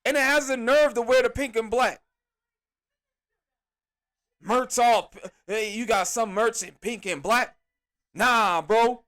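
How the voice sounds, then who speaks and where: A man hosting a podcast, reviewing a wrestling show in an animated, exasperated rant full of slang. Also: very high-pitched, takes it slowly, pauses often. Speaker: podcast host.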